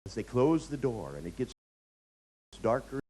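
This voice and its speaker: A man's voice: medium pitch, normal speed, rough recording. A man teaching hypnotherapy, telling anecdotes and acting out lines in a sing-song way. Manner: animated storyteller, acts out lines in sing-song. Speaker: hypnotherapy instructor. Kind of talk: lecture with anecdotes. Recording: faint hiss.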